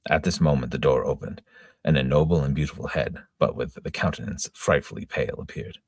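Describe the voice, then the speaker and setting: A middle-aged man reading a classic novel aloud in a plain, steady manner, with occasional stumbles. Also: a bass voice, fairly quick, vocal fry, dry recording, clean studio sound. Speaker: reader.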